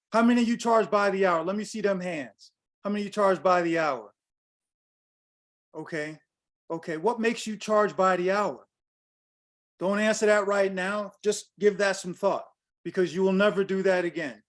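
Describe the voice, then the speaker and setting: An older man giving a blunt, direct workshop talk over a video call, questioning his audience. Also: sits high. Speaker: guest speaker on pricing.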